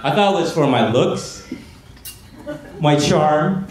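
A man performing a stand-up comedy set on a gala stage, telling stories in a deadpan way and mimicking family members' voices. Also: a little high, slow pace. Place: gala stage before a laughing audience. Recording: echoey hall with audience noise.

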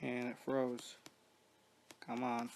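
Man, casual gameplay commentary, rambling, cusses a lot, monotone delivery. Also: medium pitch, slow, vocal fry, a little hiss or hum. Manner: rambling, profane, many restarts and fillers. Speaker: mobile strategy game player.

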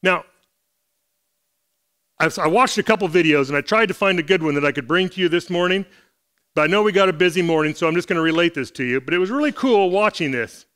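A man's voice: high-pitched, animated, fast, a bit bright, smooth. A man preaching a Sunday sermon in church, talking earnestly and conversationally as he reads and explains scripture. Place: church service.

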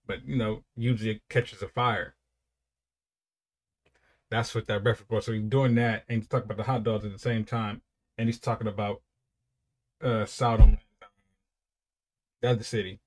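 A man's voice: on the low side, level tone, normal speed, pauses often. A young man giving casual, rambling commentary while reacting to music, with frequent repeated praise.

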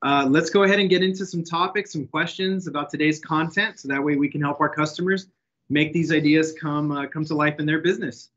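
A man hosts a corporate webinar in a friendly, loose way, with plenty of ums and uhs. His voice is slightly high, and the audio sounds dull and lo-fi. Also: fairly even intonation, brisk, a bit bright. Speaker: host.

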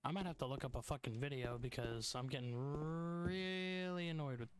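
A man's voice: fairly high pitch, normal speed. A young man commenting on his own gameplay as he plays, frustrated and swearing a lot. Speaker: gamer streamer. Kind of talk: let's play commentary. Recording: noisy home recording.

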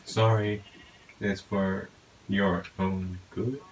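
Very deep-voiced man narrating gameplay. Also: very slow, slight background noise, poor audio. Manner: talks to himself, excitable outbursts. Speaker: gaming YouTuber. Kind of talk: casual gameplay commentary.

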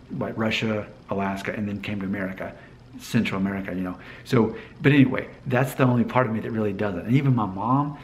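Low-voiced male vlogger, thirties, casual and rambling, with light room noise. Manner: rambling, self-correcting, chuckles often. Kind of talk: casual personal monologue.

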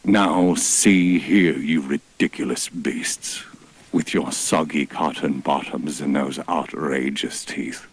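A man's voice: a bass voice, steady tone, slow pace, slightly rough, heavily acted. A man voicing a pompous, crude male dinosaur god who makes grandiose rhyming proclamations. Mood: scolding.

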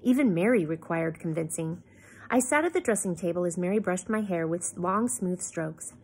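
A woman reading a novel aloud in an expressive way, with small slips and asides. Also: fairly low pitch, moderate pace, slightly rough. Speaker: reader.

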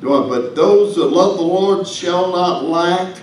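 A man's voice: high voice, a little slow, darkish tone, heavy reverb, recorded from a distance, a little hiss or hum, low-quality recording. A man preaching a sermon as pastor, folksy and humorous, with asides to the congregation. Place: church sanctuary.

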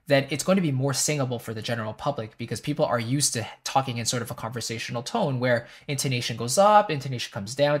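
A man's voice: medium pitch, breathy edge. Man explaining music production casually. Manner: friendly, explanatory, frequent "right?" tags. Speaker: composer and music teacher.

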